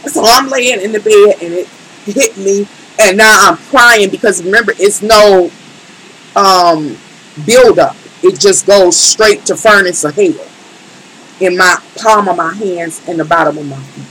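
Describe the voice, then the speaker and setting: A woman's voice: medium pitch, unhurried, fairly bright tone, husky, poor audio. A woman tarot reader in a casual live stream, speaking emphatically and colloquially and talking straight to her chat.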